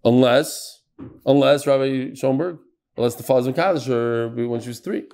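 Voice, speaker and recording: A man teaching a daily Talmud class in an animated way, quizzing his students and mixing Hebrew and Aramaic terms into his English. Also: mid-range voice, normal speed.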